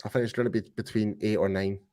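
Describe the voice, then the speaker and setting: A man's voice: fairly low pitch, fairly even intonation, quick pace, warm tone. A man on a fan panel, giving strong opinions with frequent restarts and stammers. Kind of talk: casual panel chat.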